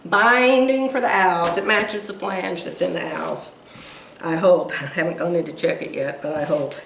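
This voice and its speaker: A woman's voice: fairly low pitch, normal speed, creaky, fairly bright tone, echoey room, far from the mic, a little hiss or hum, poor audio. A woman vlogging from home in a chatty, gushing way, laughing often as she talks. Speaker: quilting vlogger. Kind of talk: casual chat to camera. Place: home room.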